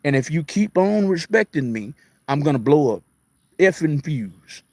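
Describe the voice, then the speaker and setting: This middle-aged host's voice is a little high and darkish, very animated yet a little slow, with no echo. Answering comments on a casual live talk, he sounds emphatic, repetitive and preachy, mixing urban and rural speech.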